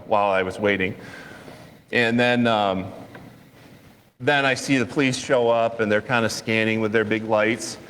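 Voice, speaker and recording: A man pastor preaching a sermon, telling a personal story in a lively way with chuckles and asides. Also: fairly low pitch, slight background noise. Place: church sanctuary. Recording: long church reverb.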